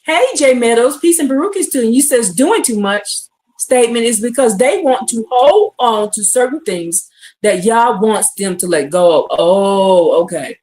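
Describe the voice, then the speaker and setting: A woman teaching scripture on a live stream, reading verses aloud and firing questions at her listeners with excitement. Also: fairly high pitch, moderate pace, a little hiss or hum. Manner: animated and exclamatory, reads verses then asks the audience questions. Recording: echoey room.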